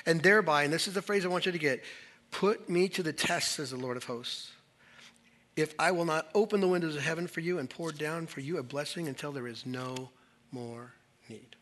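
A man's voice: fairly high pitch, a bit bright. A man pastor preaching a conversational, emphatic sermon to a church service.

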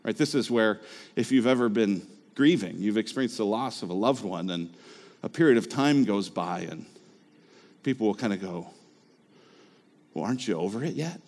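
A man's voice: on the low side, expressive, normal speed, darkish tone, big-room sound. A man preaching a sermon as a pastor, talking in a conversational way and asking the listeners rhetorical questions.

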